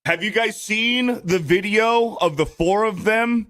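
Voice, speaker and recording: A man with a very high, bright voice, co-hosting a casual podcast. He rants loudly and swears constantly, now and then rising to a shout. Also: a little slow. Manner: profane, ranting, shouts when angry. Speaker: podcast co-host.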